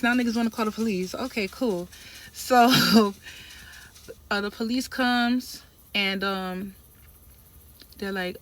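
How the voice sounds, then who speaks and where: A woman telling a story in a casual vlog, animated and emphatic, with lots of slang. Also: mid-range voice, slight background noise. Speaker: trucking trainee telling a story.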